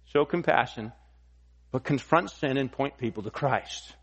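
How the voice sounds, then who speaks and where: A pastor preaching an expository sermon, emphatic and repeating key phrases for weight. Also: male voice, mid-range voice, unhurried, a bit bright, husky.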